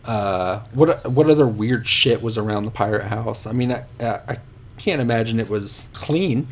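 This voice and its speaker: A man's voice: medium pitch, normal speed. A man telling rambling, profane stories about himself as a podcast guest. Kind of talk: casual podcast storytelling.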